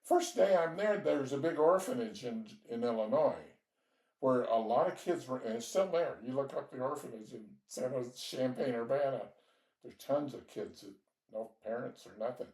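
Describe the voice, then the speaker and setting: A man's voice: mid-range voice, moderate pace, dark tone, recorded from a distance. An older man from Georgia telling rambling stories about his youth, with small laughs as he goes. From Georgia, United States. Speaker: interviewee telling his life story. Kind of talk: relaxed storytelling. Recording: echoey room, voice off-mic.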